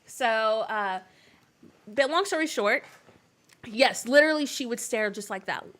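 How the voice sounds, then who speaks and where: A young woman tells family stories to her stream audience in a relaxed, rambling way. Her voice sits a bit high, and she laughs often and fills pauses with "uh" and "so.". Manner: chatty, laughing often, many fillers. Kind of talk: casual storytelling on a game stream.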